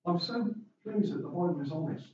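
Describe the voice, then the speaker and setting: A man's voice: high-pitched, lively intonation, a little fast, a little mellow, slight background noise. A man preaching a conversational sermon, asking the congregation questions and adding light asides. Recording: echoey, distant, dull room recording.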